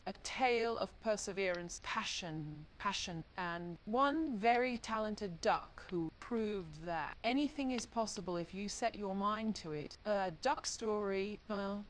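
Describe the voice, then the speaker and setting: A woman's voice: medium pitch, a little slow, few pauses, a little hiss or hum, low-quality recording. A woman streamer with a synthetic-sounding voice, telling playful, punny stories to a live chat.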